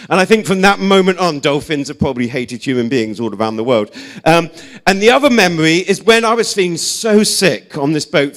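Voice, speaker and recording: A young English man gives a casual sermon full of funny stories. His voice sits a bit high for a man. He talks in a loose, self-deprecating way, with lots of fillers. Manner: chatty, self-deprecating, animated storyteller with many "like"s and "um"s. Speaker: preacher.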